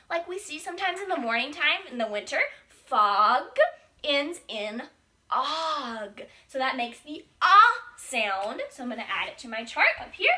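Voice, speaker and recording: A young woman leads a phonics lesson for little children, her high voice bouncing all over the place. She draws out the sounds in a bright, ringing, sing-song teacher voice. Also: sing-song, measured pace. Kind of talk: early-grade phonics lesson.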